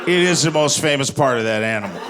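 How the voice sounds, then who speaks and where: A man doing stand-up, telling a story in a profane, animated, mock-grandiose way before a live audience. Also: medium pitch, quick pace. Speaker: stand-up comedian. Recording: live club recording, loud crowd and noise.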